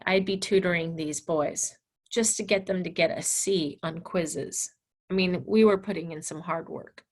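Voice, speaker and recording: Blunt, animated woman teacher telling a story. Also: on the low side, measured pace. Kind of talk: storytelling lecture.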